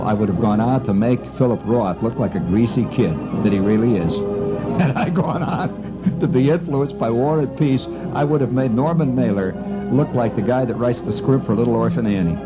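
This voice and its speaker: A man's voice: medium pitch, moderate pace. A middle-aged man hosting a radio show, telling a long rambling story full of asides. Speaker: radio host. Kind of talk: storytelling monologue. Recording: muffled old radio broadcast with faint music.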